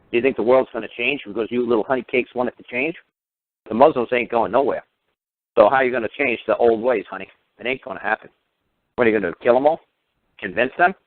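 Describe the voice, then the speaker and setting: A man's voice: mid-range voice, no echo. A man lecturing on a radio talk show in a combative, mocking and crude way. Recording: tinny phone-line radio audio.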